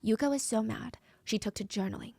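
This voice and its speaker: True crime narrator: woman, quick delivery, dry close-miked sound. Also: a little high, gravelly, darkish tone, no echo. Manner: fast, dramatic, conversational retelling.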